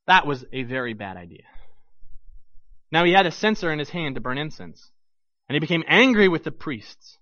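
High-voiced dramatic male preacher. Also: sing-song, normal speed, long pauses, dry recording. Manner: dramatic storytelling, swinging from loud bursts to hushed low lines. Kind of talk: sermon. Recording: dull lo-fi dry recording.

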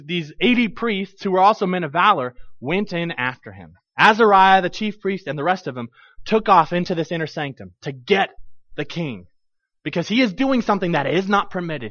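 A man with a high voice preaches a sermon, retelling a scripture story with big swings between loud bursts and hushed lines. The recording is dull and lo-fi. It is also dry, with no echo. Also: expressive, normal speed.

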